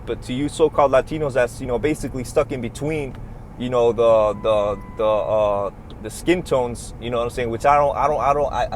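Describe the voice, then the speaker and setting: A man preaching a heated, profane religious rant inside a moving truck, recorded on a phone. He talks in a repetitive, confrontational way. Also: mid-range voice. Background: engine and road noise.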